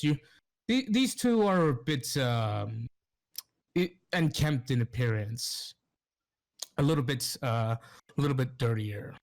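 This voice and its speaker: A man running a tabletop game over an online voice call, narrating haltingly with many fillers. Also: mid-range voice. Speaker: game master.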